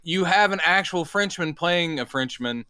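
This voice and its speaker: Bright, crisp-voiced wry man. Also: fairly high pitch, animated, normal speed, no room sound. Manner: wry, dry jokes, acts out characters. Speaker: podcast co-host. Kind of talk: casual movie review chat.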